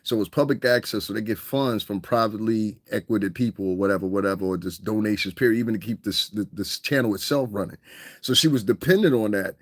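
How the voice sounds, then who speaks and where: A man hosting a podcast in a casual, animated monologue, swearing and mimicking other people's voices. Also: on the low side, fast talker, dry recording, studio quality. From United States. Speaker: podcast host.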